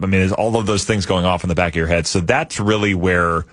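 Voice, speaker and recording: Casting: a relaxed male radio guest with a low voice, recorded close and dry. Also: fast talker, no echo. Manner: relaxed, explains at length with easy laughs. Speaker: studio guest. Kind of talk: casual radio talk. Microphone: studio microphone.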